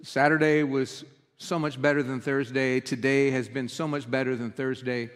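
A man's voice: medium pitch, little pitch movement, moderate pace. A man preaching a sermon as pastor, earnest and emotional in his delivery. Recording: reverberant hall.

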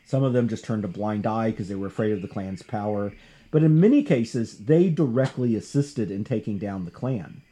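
A man hosting a casual talk show, discussing comics and history in an animated, conversational way. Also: moderate pace. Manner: animated, conversational, jumps in pitch for emphasis. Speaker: podcast host.

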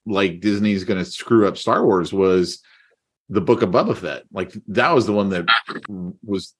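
A man's voice: deep voice, measured pace, slightly rough. A man co-hosting a podcast in casual chat, emphatic and repeating his points. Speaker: podcast co-host.

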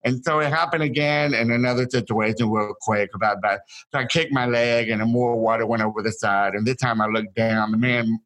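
A man of middle pitch tells stories from his childhood as an interview guest. He talks in a casual way, in halting bursts, restarting his sentences and repeating words as he goes. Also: steady tone, fairly bright tone, low-quality recording. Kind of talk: casual storytelling.

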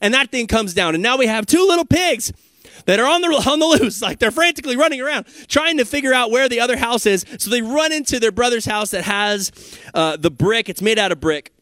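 A man's voice: extremely high pitch, animated, fairly quick, fairly bright tone, dry recording. A male pastor giving a sermon in a casual, conversational way, prompting the congregation.

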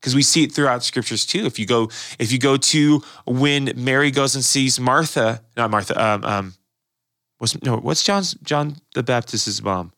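A man's voice: mid-range voice, normal speed, a bit bright, dry recording, clean studio sound. A male pastor explaining faith in a casual, earnest discussion, often repeating words as he restarts his thoughts.

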